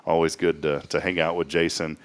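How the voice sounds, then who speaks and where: A man's voice: very deep voice, little pitch movement, a little fast, clear, resonant tone. A man hosting a local morning show, talking in a folksy, rambling way with lots of fillers. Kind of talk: casual morning show chat. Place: small studio.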